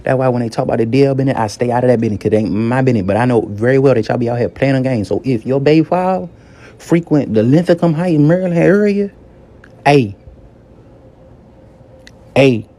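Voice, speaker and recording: Fast-talking mellow man telling stories. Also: mid-range voice, expressive. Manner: slangy, wry, gossipy. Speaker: hotel worker telling a story. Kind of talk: comedic storytime.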